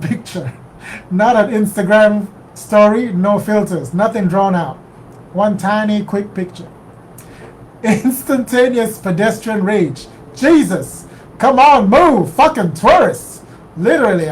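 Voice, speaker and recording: A reader works through the opening pages of a novel aloud, at a middling pitch. The reading keeps pausing for quick asides that question how a word is said or what it means, then picks the story back up. A faint ambient hum sits underneath. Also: a little mellow, poor audio. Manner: reads in first person, breaks off to question words. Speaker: reader on a live stream.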